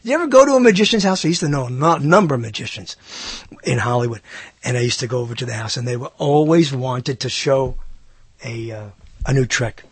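A man's voice: brisk, husky, no echo. An older man rambling through a musing monologue, his voice swooping up sharply on questions. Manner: animated, swoops up in pitch for questions. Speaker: speaker musing to listeners.

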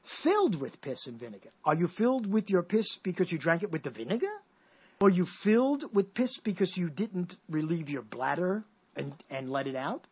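A man's voice: high voice, big pitch swings, normal speed, husky. A man hosting a comic radio show, riffing playfully and mock-dramatically on whatever comes to mind. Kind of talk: rambling comic radio talk. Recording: dull lo-fi radio recording.

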